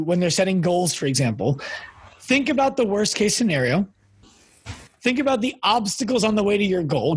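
A man hosting a podcast interview, telling stories in a casual, lively way with quick bursts of speech. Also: high-pitched, breathy edge, no echo. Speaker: podcast host.

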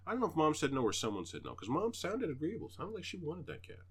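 Animated, swearing male storyteller. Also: a little high, quick pace, husky. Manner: animated storyteller, swears freely, acts out quotes. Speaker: podcast co-host. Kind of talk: casual storytelling chat.

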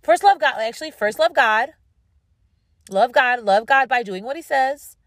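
A woman's voice: a little high, animated, normal speed, fairly bright tone, no echo, studio quality. Earnest woman podcaster praying aloud. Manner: earnest, preacherly, repeats phrases for emphasis. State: tired and dry-mouthed. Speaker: podcast host. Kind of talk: devotional talk and prayer.

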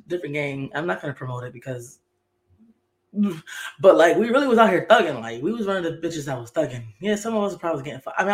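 A woman in her thirties hosting a podcast, telling a personal story in a candid, profane, slang-heavy way with lots of fillers. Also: low-pitched. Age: 30s. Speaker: podcast host.

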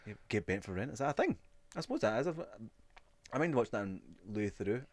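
A man's voice: mid-range voice, sing-song, fast talker, darkish tone. A Scottish man co-hosting a podcast, joking crudely, swearing freely and laughing often. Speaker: podcast co-host. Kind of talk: casual crude banter.

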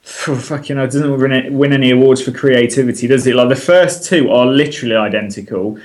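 A man's voice: mid-range voice, fairly quick. Rambling, joking male podcast host. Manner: rambling, jokey, swears freely. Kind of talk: casual chat.

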